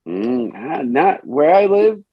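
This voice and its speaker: A man's voice: a little high, very animated, slow, husky, dry recording, muffled recording, heavily acted. A man voicing a guarded fifteen-year-old from a poor neighborhood, hesitant and humming before he answers, in a tabletop role-play game.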